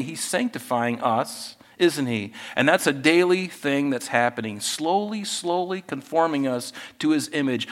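A man's voice: on the high side, fairly bright tone. A middle-aged male pastor preaching a conversational sermon, often asking the congregation questions.

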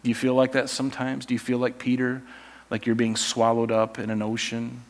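A male pastor preaching a sermon in a conversational, animated storytelling way. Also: medium pitch, brisk.

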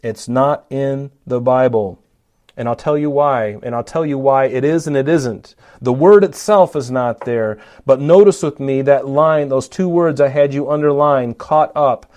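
A man's voice: mid-range voice, moderate pace, few pauses, darkish tone. A man preaching a Bible-teaching sermon, emphatic, often saying "notice" and asking his listeners questions.

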